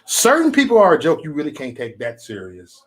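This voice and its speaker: A man chats on a livestream, loose and profane, often jumping into mocking impressions of other people. His voice sits fairly high for a man. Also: wildly swooping pitch, a little fast, a bit bright. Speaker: channel host. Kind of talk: casual political livestream chat.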